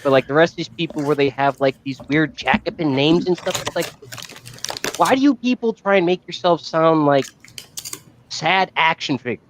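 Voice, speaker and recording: A man's voice: a little high, moderate pace, slight background noise. A man telling loose, laughing anecdotes as a guest on a casual stream. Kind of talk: casual profane chat.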